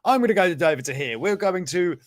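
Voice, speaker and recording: Brief: a jokey, rambling man hosting a comedic news show, slightly high voice. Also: animated, brisk, dry recording, clean studio sound. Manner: joking, laughs often, rambling asides. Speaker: host.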